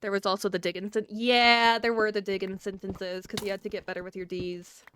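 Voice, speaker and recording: A woman's voice: mid-range voice, flat delivery, a little fast, fairly bright tone, a little hiss or hum. A woman streaming live, chatting casually and scatteredly with her chat and laughing often.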